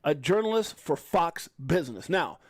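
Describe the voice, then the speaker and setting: A man hosting a live crypto stream, talking casually and animatedly, breaking into shouted hype lines and correcting himself as he reads news aloud. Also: fairly high pitch, sing-song, moderate pace. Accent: African American English.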